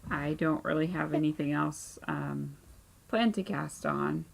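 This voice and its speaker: A woman in her thirties hosting a knitting podcast at home, chatting casually with lots of ums, tired and low-key. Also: unhurried, vocal fry, a little hiss or hum. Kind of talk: casual chat. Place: home craft room and playroom.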